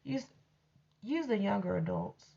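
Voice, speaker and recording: A woman talks through a personal story at an unhurried, drawn-out pace, blunt and freely profane. Her voice comes through a dull, lo-fi recording with muffled highs. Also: animated, creaky, dark tone. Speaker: storyteller host. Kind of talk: casual storytelling monologue.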